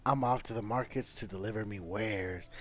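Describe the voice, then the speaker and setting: A man's voice: fairly low pitch, moderate pace, a bit bright, lightly acted. Man putting on a folksy traveling merchant. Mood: hushed. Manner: rough-edged folksy speech, rambling and boastful. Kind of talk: reading game dialogue aloud in a voice.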